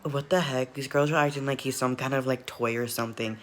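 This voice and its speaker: A man's voice: medium pitch, fairly even intonation, a little fast, fairly bright tone, slight background noise. A man casually reacting to a video, rambling, laughing often and repeatedly apologizing.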